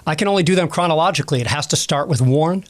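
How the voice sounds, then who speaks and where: Slightly high-voiced man, guest expert, rambling and self-correcting. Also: rapid-fire. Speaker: guest historian. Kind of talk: casual expert Q&A.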